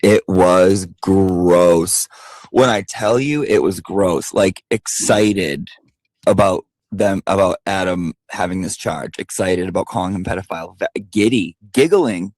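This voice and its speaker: A man's voice: low voice, a little slow, no room sound. Emphatic, profane man telling a story. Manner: emphatic and profane, with lots of asides. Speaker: vlogger. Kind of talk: casual storytelling monologue.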